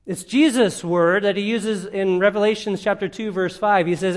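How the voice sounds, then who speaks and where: A man's voice: high voice, normal speed, few pauses. A man preaching a sermon, teaching in an emphatic, conversational way with rhetorical questions.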